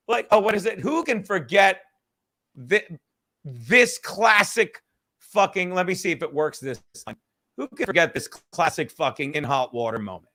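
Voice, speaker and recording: A man hosting a casual comedy podcast, telling stories in a profane, excitable way, often laughing and breaking into shouts. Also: high voice, dry recording, clean studio sound. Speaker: podcast host.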